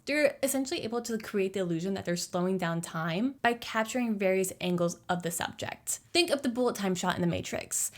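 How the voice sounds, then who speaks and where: A young woman talks through a film's plot in a casual, jokey way. Her delivery is slangy and playful, with plenty of asides, at a mid-range pitch. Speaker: movie recap creator. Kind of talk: casual movie explainer.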